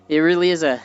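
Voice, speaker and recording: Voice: mid-range voice, clear, resonant tone, highs cut off. A streamer chatting casually while walking, tired and sweaty, telling stories and sighing often. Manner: chatty storyteller with frequent tired sighs.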